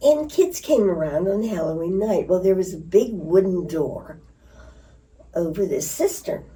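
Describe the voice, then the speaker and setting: A woman's voice: on the low side, a little slow. An older woman telling stories in an interview, laughing and acting out voices. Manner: lively storyteller who laughs and acts out voices. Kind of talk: reminiscing storytelling. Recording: distant mic.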